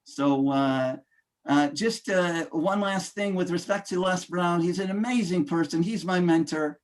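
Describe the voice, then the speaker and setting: Male motivational speaker with a high voice, emphatic, rally-style delivery with frequent pauses and fillers. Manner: emphatic, addresses audience as ladies and gentlemen, fillers. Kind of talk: motivational speech.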